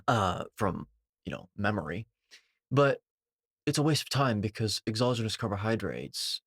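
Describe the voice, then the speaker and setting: A man's voice: low-pitched, no room sound, clean studio sound. A man giving a dismissive, combative reaction commentary, packed with technical jargon and occasional swearing.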